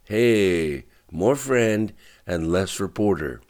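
A man's voice: low-pitched, measured pace, pitched above the performer's own voice. A man playing a terse young bodyguard. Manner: clipped, guarded.

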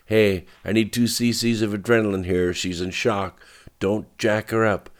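A man voicing a young male medic giving brisk, urgent orders. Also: on the low side, flat delivery, voice pushed up, natural voice.

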